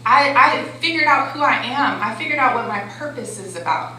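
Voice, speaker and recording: Woman, life coach, motivational talk, forceful bright tone, conversational, very echoey hall. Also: fairly high pitch, animated, normal speed. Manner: conversational, keeps checking in with the crowd. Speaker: life coach and conference speaker. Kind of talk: motivational talk to a live audience. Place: conference hall. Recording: very echoey hall with faint background noise.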